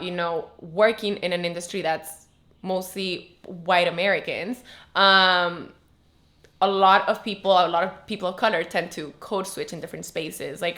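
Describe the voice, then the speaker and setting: A young woman from northern Mexico hosting a podcast interview, chatty and quick to laugh. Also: on the low side, fairly bright tone. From northern Mexico, Tijuana. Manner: chatty, laughs often, frequent backchannel hums. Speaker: podcast host. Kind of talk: casual interview conversation.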